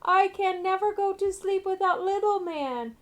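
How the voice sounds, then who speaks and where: A woman voicing a frightened little ghost boy who stammers and pleads in a high, childlike voice. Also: moderate pace. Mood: pleading.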